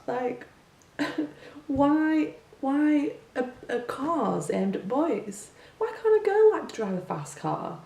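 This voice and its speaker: A young teacher with a high, gravelly yet mellow voice talks slowly but very animatedly, sharing her opinions in a casual monologue. She leans on rhetorical questions and many filler words. The audio is from a distant mic in an echoey room with faint hum.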